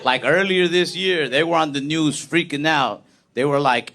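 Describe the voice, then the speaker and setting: A young man performing stand-up comedy with a calm, laid-back delivery. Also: on the high side, normal speed. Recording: live stand-up with steady background noise.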